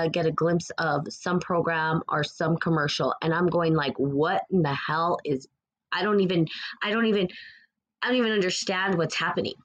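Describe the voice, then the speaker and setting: In a casual spiritual monologue for her followers, a woman with a lowish voice talks passionately and rambles, repeating herself as she turns preachy. The audio quality is poor.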